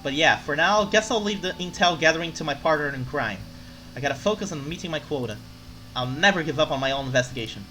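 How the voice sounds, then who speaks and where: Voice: medium pitch, expressive, fast talker, soft background music, rough recording. A player voicing a tipsy, brash female journalist from a video game, reading her lines with a put-on drunk slur. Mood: wry. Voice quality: slurred drunk voice. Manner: loud, emphatic, swings to shouting. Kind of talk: reading game dialogue aloud.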